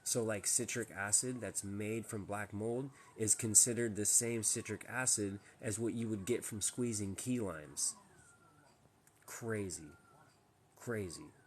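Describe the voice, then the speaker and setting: A man with a lowish voice talks straight to his live-stream viewers from home. He rambles emphatically and restarts his sentences often. A faint hiss of background noise sits under his voice. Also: unhurried, hardly any pauses. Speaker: livestream host. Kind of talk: casual live-stream chat.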